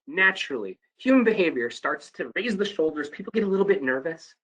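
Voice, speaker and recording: A man leads a call center training session in a slightly husky voice. He talks with animation, shifting his tone and volume to show what he means. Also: fairly high pitch, brisk, hardly any pauses, poor audio. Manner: animated, demonstrates tones, varies volume. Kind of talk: training presentation.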